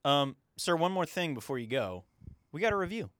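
A man's voice: on the high side, sing-song, brisk, a bit bright, dry recording, clean studio sound. Exasperated straight-man podcast host, man. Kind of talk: casual comedic chat.

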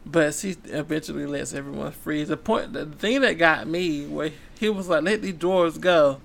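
A man's voice: fairly high pitch, normal speed, vocal fry, a bit bright. A man co-hosting a casual book-club podcast, retelling a story in laid-back slang and acting out the characters' lines. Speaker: podcast co-host.

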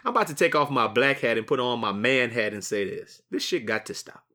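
A young man hosting a podcast, chatting in a jokey, animated way with friends, then reading a commentary segment. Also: medium pitch, a little fast. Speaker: podcast host. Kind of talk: casual podcast chat and scripted monologue.

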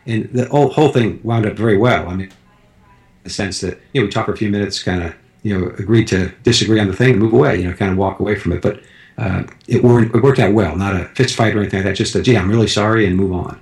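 A man's voice: lowish voice, quick pace, darkish tone. A man in casual conversation, telling a rambling personal story with frequent restarts. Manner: rambling anecdotes with many restarts.

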